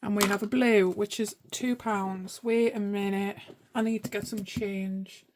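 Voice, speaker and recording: A woman's voice: medium pitch, fairly even intonation, measured pace, noisy background. A woman chatting casually to herself as she sorts cash at her home desk. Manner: chatty, talks to herself while sorting money. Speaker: budgeting vlogger. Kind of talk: casual chat while cash stuffing.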